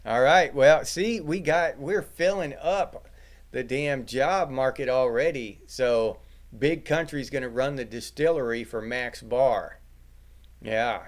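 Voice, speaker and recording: A man's voice: mid-range voice, slow. A middle-aged man hosting a livestream, chatting casually with his viewers and joking crudely with plenty of swearing. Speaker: livestream host reading chat.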